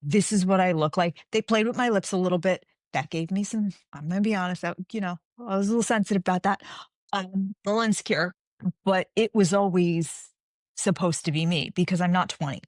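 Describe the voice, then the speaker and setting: Lively lower-voiced woman telling stories. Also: a little fast, no echo, clean studio sound. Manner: animated storyteller, acts out quoted dialogue. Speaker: guest author. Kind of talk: casual interview chat.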